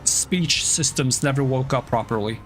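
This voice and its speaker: A man's voice: medium pitch, normal speed, soft background music. A sleepy man streaming a game, joking about himself in a playful, casual way. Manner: playful, self-mocking, reads game lines aloud.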